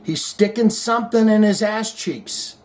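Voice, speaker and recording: A man giving crude, jokey, animated play-by-play commentary on a concert clip. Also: sits high, measured pace. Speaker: video commentator. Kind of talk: excited video commentary. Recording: loud background noise.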